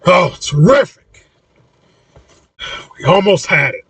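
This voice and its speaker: A man's voice: on the high side, steady tone, a little fast, slightly rough, no echo, recorded from a distance, pitched above the performer's own voice. A man voicing a frustrated, urgent young woman in an audiobook reading.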